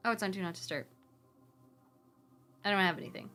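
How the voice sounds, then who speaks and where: A young woman from the Pacific Northwest, chatting casually on a live stream and reading viewer comments aloud. She is animated, swears freely, laughs often and rambles with restarts. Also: a little high, fairly quick, pauses often.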